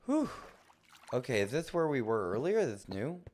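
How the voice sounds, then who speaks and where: A man streaming a game live, chatting and ranting playfully with mock indignation and sudden excited outbursts. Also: normal speed. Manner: jumps to high excited outbursts. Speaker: livestreamer. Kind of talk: live gameplay commentary.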